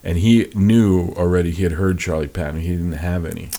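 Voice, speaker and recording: Deep-voiced male collector, husky and gravelly, easygoing storyteller. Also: brisk. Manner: relaxed retelling with many fillers. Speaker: record collector. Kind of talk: casual chat.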